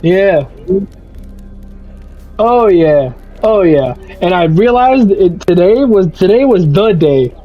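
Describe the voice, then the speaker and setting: A young man streaming a game, telling a profane, animated story about a bad work shift. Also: sits high, slow. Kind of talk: casual rant over gameplay. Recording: slightly muffled, faint music.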